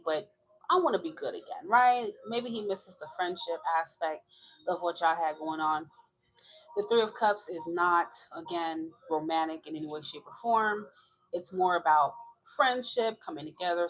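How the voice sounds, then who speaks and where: A woman's voice: fairly low pitch, fairly bright tone. A woman giving a chatty tarot reading, frank and talkative, laughing often. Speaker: tarot reader.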